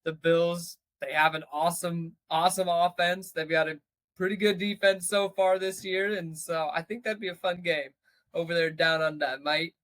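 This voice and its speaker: A man's voice: on the high side, steady tone, moderate pace, a bit bright, no echo. A man co-hosting a podcast, talking playfully and laughing often as he rambles. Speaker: podcast co-host. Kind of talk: casual podcast chat.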